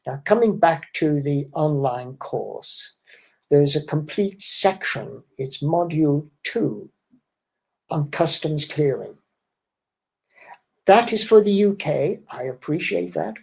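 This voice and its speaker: A man's voice: fairly high pitch, expressive, measured pace, gravelly, a little mellow. A man answering audience questions in a webinar as an import-export trainer, explaining with emphasis and correcting himself.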